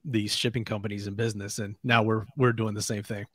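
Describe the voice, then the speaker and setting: A man's voice: lowish voice, little pitch movement, brisk, fairly bright tone, no echo, clean studio sound. Laid-back joking man co-hosting. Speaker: co-host. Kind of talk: casual podcast chat.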